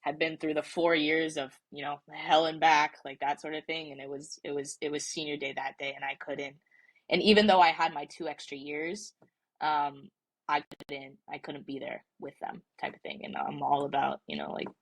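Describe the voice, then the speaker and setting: Low-voiced young woman telling a story. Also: flat delivery, normal speed. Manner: chatty, many "like" fillers and restarts. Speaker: podcast guest, soccer player. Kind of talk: casual storytelling.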